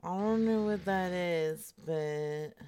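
A woman's voice: fairly low pitch, takes it slowly, a crowd in the background. A woman co-hosting a comedy show, giggly and playfully swearing in casual banter. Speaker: podcast co-host.

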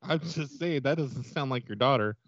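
A man making a prank phone call in a mock-polite, deadpan, taunting way. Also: mid-range voice, moderate pace, no echo. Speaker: prank caller.

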